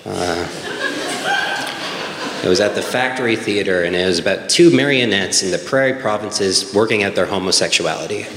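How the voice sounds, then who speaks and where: A man's voice: low voice, moderate pace, a bit bright. Wry young man telling a story. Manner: conversational, wry, many fillers like "like" and "um". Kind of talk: live stage storytelling. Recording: roomy hall with faint room noise.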